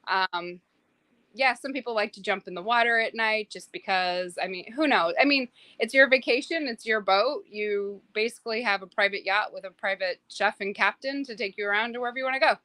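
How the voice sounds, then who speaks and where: A woman's voice: medium pitch, fairly quick, no echo. A woman who works as a private yacht chef, chatting in an interview and telling stories with lots of fillers. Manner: animated, many fillers, acts out quotes. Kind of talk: casual interview storytelling.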